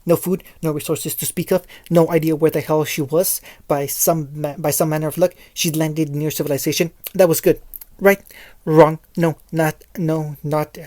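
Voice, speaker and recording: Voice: mid-range voice, dark tone, no echo. A narrator reading a fan fiction story aloud, often stumbling and restarting phrases.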